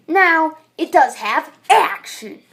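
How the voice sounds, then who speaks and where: Woman, casual video review, rambling, chatty, fillers, slightly high voice. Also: lively intonation, slow, a bit bright. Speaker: book reviewer.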